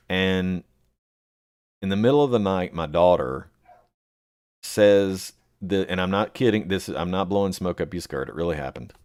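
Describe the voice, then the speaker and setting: A man hosting a live chat, answering viewers by name and rambling with many pauses and fillers. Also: sits low, darkish tone, smooth. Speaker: livestream host reading chat.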